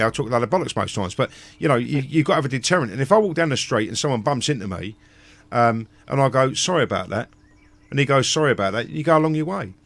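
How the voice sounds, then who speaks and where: A man in a rambling live-stream rant. He is blunt and sweary, keeps restarting his sentences, and talks at an ordinary middle pitch. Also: gravelly. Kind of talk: ranting casual chat.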